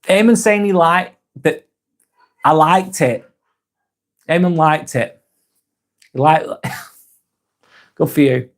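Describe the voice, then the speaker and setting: A man in his forties with a Northern English accent talks casually on a live stream, reading out viewer comments. His voice sits a little high for a man. He rambles, restarts his sentences and jokes along as he goes. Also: animated, slow, long pauses. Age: 40s. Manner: rambling and joking, with frequent restarts and laughs.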